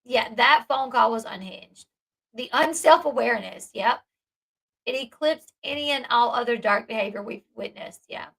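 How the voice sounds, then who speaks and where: A woman's voice: a little high, normal speed, gravelly, fairly bright tone, poor audio. A young adult woman giving casual commentary and reacting to live chat, telling the story emphatically and with indignation. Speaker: online commentator.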